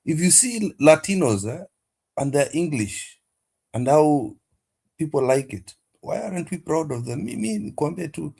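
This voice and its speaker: Enthusiastic Kenyan man, higher voice. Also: animated, moderate pace, creaky, dark tone, slightly rough. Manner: enthusiastic, emphatic, code-switches Swahili and English. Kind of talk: casual panel chat.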